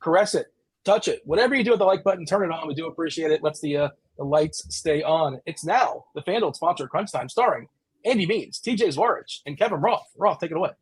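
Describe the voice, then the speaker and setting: A man's voice: a little high, animated, fast talker, breathy edge, no echo. A man hosting a sports stream, joking and bantering as he hands the show off. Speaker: show host. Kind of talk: casual stream chat.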